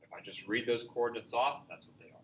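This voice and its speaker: A man's voice: medium pitch, quick pace, a little hiss or hum. A man teaching a recorded math lesson, upbeat and joking, talking straight to his viewers as he works through examples.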